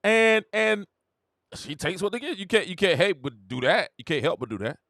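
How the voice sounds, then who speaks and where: A man hosting a sports talk show, chatting casually, laughing often and breaking into high, mocking quotes. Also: very animated, moderate pace, creaky, a bit bright, dry recording, clean studio sound. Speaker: podcast host. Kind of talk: casual sports commentary monologue.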